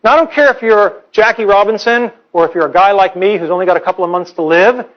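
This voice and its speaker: A man's voice: high voice, fast talker. A man in his forties, a professor giving a humorous public lecture, telling stories in a wry, playful, earnest way. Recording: slightly dull lecture recording.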